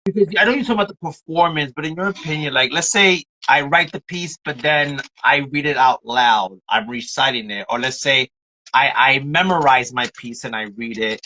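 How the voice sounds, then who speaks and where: Bright-voiced male podcast host. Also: mid-range voice, normal speed, poor audio. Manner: relaxed, rambling questions with "like" and "yo". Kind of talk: casual interview chat.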